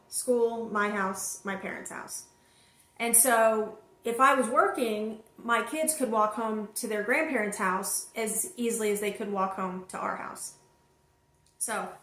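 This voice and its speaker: A woman telling a personal story to her viewers, animated and talking straight to them. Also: medium pitch, reverberant. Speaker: vlog host and single mother.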